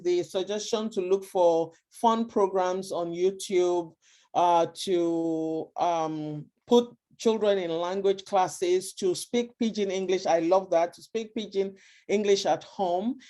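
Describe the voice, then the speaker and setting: Woman running a panel on a call, warm mellow voice, measured, lots of ums. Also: mid-range voice. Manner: measured, informative, many ums. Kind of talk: community panel discussion.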